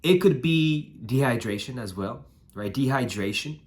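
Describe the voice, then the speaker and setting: A young man with a hoarse, nasal voice giving casual advice on raising puppies, repeating himself and tagging lines with "right?" and "man". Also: mid-range voice, animated, moderate pace. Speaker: dog breeder giving advice. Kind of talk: casual instructional vlog.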